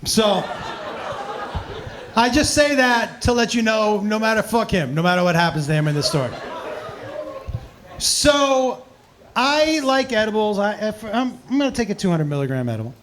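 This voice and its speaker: A male comedian telling profane stories at a live Q&A, animated and laughing often. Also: high-pitched, normal speed, long pauses, crowd noise, background noise. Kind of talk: storytelling in a live Q&A.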